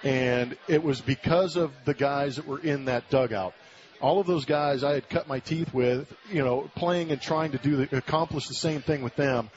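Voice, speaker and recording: There's a crowd in the background as a former baseball player from Southern California, in his forties, tells a story as a guest in a casual interview. He speaks at medium pitch and normal speed over muffled radio broadcast audio, an animated storyteller who acts out quoted voices.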